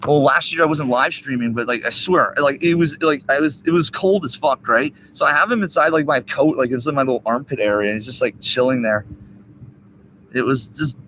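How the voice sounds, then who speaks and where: A man live streaming from a park, rambling and swearing while high. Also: a little fast, a bit bright, slight background noise, rough recording. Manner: rambling, profane, sing-song asides. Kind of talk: rambling outdoor livestream chat. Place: park outdoors.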